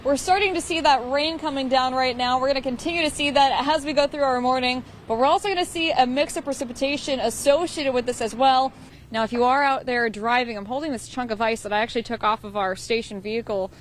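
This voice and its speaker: Bright-voiced young woman weather anchor. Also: high-pitched, steady tone, quick pace, a little hiss or hum. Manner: upbeat, explanatory broadcast delivery. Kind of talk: TV weather forecasting and field reporting.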